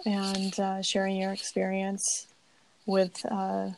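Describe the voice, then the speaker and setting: Soft-spoken woman with a gravelly voice. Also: mid-range voice, completely flat delivery, slow pace, a little hiss or hum. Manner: soft-spoken, rambling questions with many fillers. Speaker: podcast host. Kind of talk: casual podcast interview.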